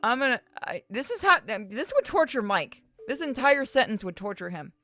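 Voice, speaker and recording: A woman's voice: a little high, big pitch swings, normal speed, sharp tone, faint music behind. A woman streaming a game, joking and swearing as she reads its dialogue aloud. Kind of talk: live gameplay commentary.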